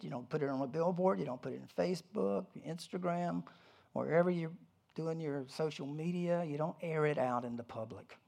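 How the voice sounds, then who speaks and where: A pastor delivers a relaxed, conversational sermon in an animated way. The talk is loose and full of humorous asides and quick restarts, and the voice sits at an ordinary middle pitch. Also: gravelly, husky.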